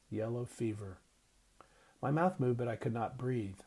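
A male narrator reading a novel aloud in a measured, expressive way. His voice sits at a middle pitch, neither deep nor high. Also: gravelly, slightly rough. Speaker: audiobook narrator. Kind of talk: scripted narration.

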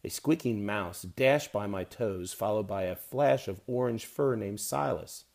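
A man reads a novel aloud in a measured, wry manner. His voice is low, mellow and dark, with a gravelly edge. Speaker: audiobook narrator. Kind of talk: scripted narration.

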